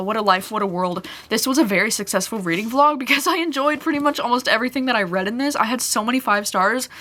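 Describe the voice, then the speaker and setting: A woman's voice: mid-range voice, bright, forceful tone. A young woman talking straight to camera about a book she loved. She gushes and gets emotional, and her sentences keep looping back on each other with "like" and "you know." She sounds casual and heartfelt, as if chatting with a friend. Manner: emotional, gushing, filler-heavy with "like". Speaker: book vlogger. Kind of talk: casual reading vlog review.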